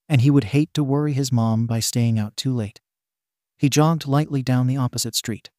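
A man reading a fanfiction story as scripted narration in a steady, even way. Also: mid-range voice, dry recording, studio quality.

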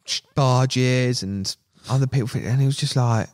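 A man telling a fishing story as a podcast guest, animated, laughing and acting out what people said. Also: medium pitch, measured pace. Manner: animated, laughing, acts out quotes. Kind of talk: casual storytelling.

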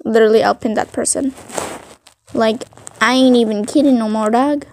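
A woman's voice: on the high side, steady tone, normal speed, a little mellow. A woman narrating a fan story casually, rambling with many fillers. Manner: rambling, filler-heavy, giggly.

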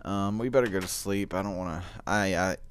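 A man's voice: sits low, fairly quick, clean tone. A teenage boy with the hiccups hosts a casual gaming commentary, groaning and complaining as he plays. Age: teens. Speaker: gaming channel host.

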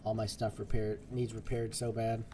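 A man's voice: on the low side, flat delivery, normal speed, mellow, slight background noise. Chatty male gameplay streamer. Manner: chatty, rambling, talks to viewers. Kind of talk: casual gameplay commentary.

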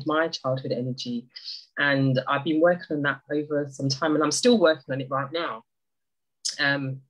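A woman speaking on a video call, giving an emotional, halting thank-you to a friend and neighbour, often apologising and restarting. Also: low voice, low-quality recording.

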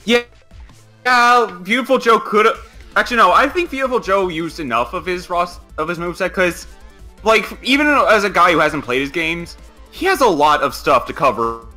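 A man with a high, very bright voice that swings widely in pitch tosses out blunt jokes in a casual podcast chat, with faint music behind. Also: lively intonation, normal speed. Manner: blunt, joking remarks. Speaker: podcast co-host.

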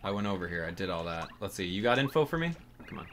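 A man giving casual, excitable gameplay commentary, thinking aloud as he plays. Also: fairly low pitch, brisk, long pauses, a little hiss or hum.

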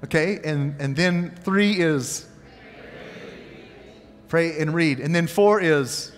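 A pastor with a slightly high voice speaks slowly in a church sanctuary where the sound lingers in a long reverb. His sermon is animated storytelling, and he asks his congregation questions.

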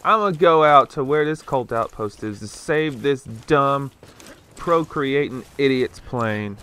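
A man's voice: mid-range voice, animated, measured pace, a bit bright, slight background noise. A young man giving casual gameplay commentary, ranting and sarcastic, with frequent swearing.

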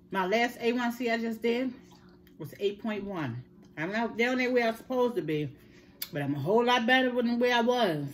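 A middle-aged mukbang vlogger chats earnestly with her viewers about her health, telling stories in a chatty way and calling them y'all. Her voice is fairly high, and the recording carries a little hiss or hum.

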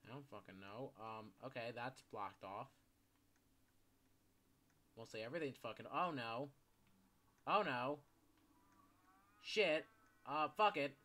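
A man's voice: medium pitch, slow pace, pauses often, pushed and bright, soft background music. A young man commentating his gameplay, swearing a lot and breaking into panicky outbursts between mutters. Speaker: gaming YouTuber.

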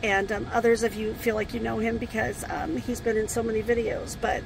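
A grieving woman vlogging from inside her RV, speaking haltingly with many pauses and fillers. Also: a little high, little pitch movement, vocal fry, noisy background. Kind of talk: casual talk to camera.

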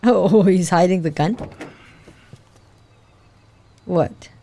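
A woman's voice: lowish voice, extremely slow, dark tone. A woman hosting a gaming channel, commenting on a game in an emotional, teary, laughing way. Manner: sing-song, teary, laughing.

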